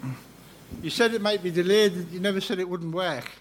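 A man, talking fast in a chatty, joking way as a guest preacher at a church carol service. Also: high-pitched, steady tone, background noise. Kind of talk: sermon-style personal testimony. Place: church carol service before a live congregation. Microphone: handheld microphone.

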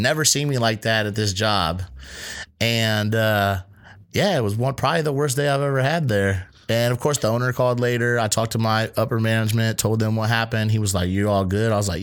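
A man's voice: fairly low pitch, fairly quick. Podcast co-host, male, casual storyteller, swears a lot, acts out the quotes. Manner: animated, profane, acts out quoted voices. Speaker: restaurant line cook.

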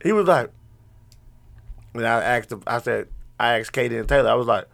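A man, a father, chatting casually with friends in slangy, profane talk and animated retellings of his kids. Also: mid-range voice, fast talker, vocal fry. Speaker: father in a group chat. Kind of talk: casual banter, storytelling.

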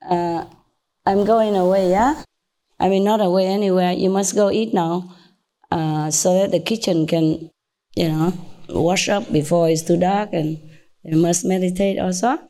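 A woman's voice: on the low side, fairly even intonation, unhurried, warm tone. A woman from Vietnam with a Vietnamese accent, a spiritual teacher giving an informal talk to her disciples in a chatty, teasing way, with many tag questions.

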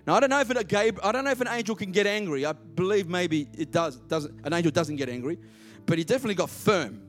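A man's voice: high voice, expressive, fast talker, faint music behind. A man preaching a sermon, emphatic and repeating words for stress.

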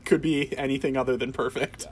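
A co-host in a loose podcast chat, teasing the others, cursing freely and laughing often. The pitch sits in the middle of the range. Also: steady tone, brisk. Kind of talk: casual chat.

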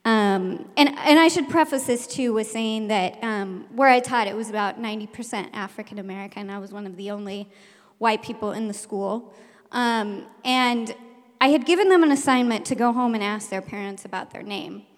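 A woman, a teacher, telling a personal story live on stage, animated and laughing, acting out the shouted lines. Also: on the high side, moderate pace. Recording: long hall reverb.

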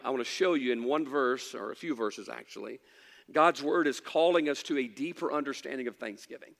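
A man's voice: fairly high pitch, fairly bright tone, big-room sound. A middle-aged man preaching a sermon, emphatic at times and dropping into folksy storytelling. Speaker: pastor. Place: church.

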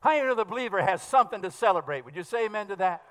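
A man preaching a sermon in a fast, fervent style, pressing his points with bursts of emphasis. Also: high voice, expressive, fairly bright tone. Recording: long hall reverb.

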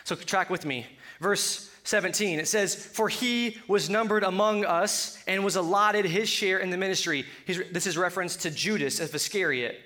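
Male pastor from Colorado, high and bright voice, casual joking sermon delivery. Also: normal speed. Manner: joking, conversational preaching with asides.

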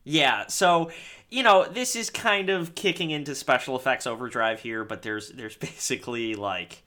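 A man co-hosting a podcast, casually recapping a movie with jokes, swearing and quick acted-out quotes. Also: mid-range voice, pushed and bright. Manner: jokey, swears, acts out quotes. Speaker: podcast co-host.

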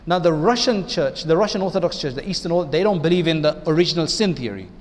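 A man's voice: on the high side, lively intonation, fast. Man giving an Islamic lecture in a reverberant hall. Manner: conversational, asks the audience rhetorical questions. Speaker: imam.

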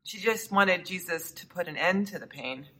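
A woman preaching a sermon with a lowish, bright and forceful voice. She speaks earnestly and often sinks to a soft hush to stress a point. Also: moderate pace, slightly rough, low-quality recording. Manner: earnest, dropping to soft hushed tones for emphasis.

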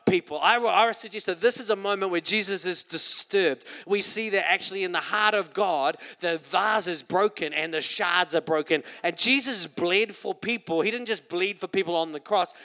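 In a church hall, a middle-aged preacher with a New Zealand accent gives a sermon in a high, bright voice. He speaks conversationally, then bursts into loud, emphatic quotations.

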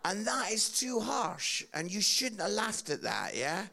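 A man's voice: high-pitched, a little slow, vocal fry. A man with an Edinburgh Scottish accent, a guest preacher giving a comedic sermon and teasing the crowd. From Scotland. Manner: jokey, animated, teasing the crowd.

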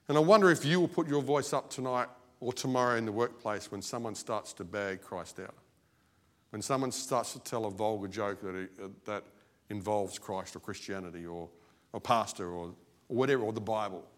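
A man preaching an evening service sermon, animated, his voice swinging between loud and soft. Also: on the low side, normal speed. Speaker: lay preacher. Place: church.

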